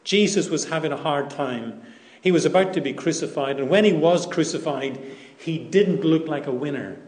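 A man preaching a sermon, deliberate and emphatic, repeating key phrases for weight. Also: a little high, a little mellow. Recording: echoey room.

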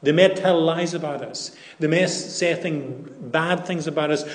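A man preaching a sermon in a slightly high voice, unhurried and deliberate. He leans on repeated phrases, and his words ring in an echoey room.

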